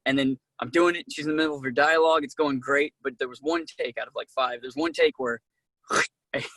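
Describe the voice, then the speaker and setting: A man being interviewed as an actor, telling casual, animated stories and acting out what people said, with many fillers. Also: a little high, a little fast, no echo. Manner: animated, acts out quoted dialogue, many "like"s. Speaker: actor guest.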